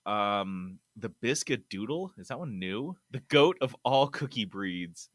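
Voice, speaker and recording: A man hosting a casual gaming podcast, reading news with animated, loud bursts of enthusiasm. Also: lowish voice, measured pace, no echo, clean studio sound. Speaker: podcast host. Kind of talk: casual chat.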